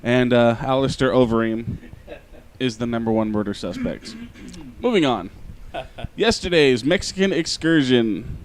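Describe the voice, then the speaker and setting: A man's voice: mid-range voice, expressive, a little slow, slight background noise. A man hosting a podcast in casual banter, joking and sarcastic, swearing freely and rattling off sponsor plugs. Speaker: podcast host.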